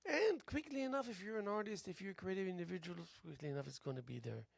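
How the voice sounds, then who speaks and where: A tired man hosting a local TV show, musing aloud in a halting philosophical monologue that drifts into soft whispers. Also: high-pitched, lively intonation, creaky, husky, dry recording. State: tired, yawning. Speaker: host. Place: local cable TV studio.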